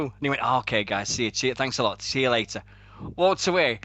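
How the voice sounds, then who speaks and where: A man's voice: medium pitch, brisk. A man, hosting a casual wrestling radio show and telling stories with lots of swearing and laughter. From Sheffield, England. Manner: animated storytelling with heavy swearing and laughter. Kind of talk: casual chat.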